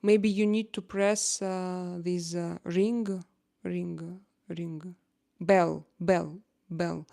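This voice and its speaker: A woman's voice: lowish voice, steady tone, very slow, gravelly, warm tone. A middle-aged woman with a Russian accent hosting a casual livestream chat and reading viewer comments aloud. She talks hesitantly, with many filler sounds and playful teasing.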